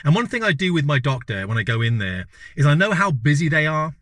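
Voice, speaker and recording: A British vlogger in his fifties tells a story in a casual, chatty style, constantly checking in with "right?" and "you know?". His voice is on the high side and a bit bright, with big pitch swings and a fast delivery. The studio sound is clean, with no echo.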